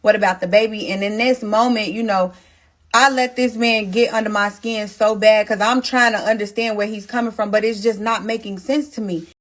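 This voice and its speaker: A woman's voice: medium pitch, steady tone, moderate pace. Emphatic young woman telling her story. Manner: emphatic, talks directly to listeners. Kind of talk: storytime narration.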